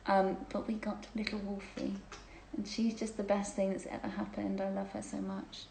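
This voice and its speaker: A woman's voice: mid-range voice, completely flat delivery, moderate pace, vocal fry, a little mellow, reverberant, slight background noise, poor audio. A woman hosting a casual livestreamed chat, reading out viewer questions, gushing and chatty and laughing often.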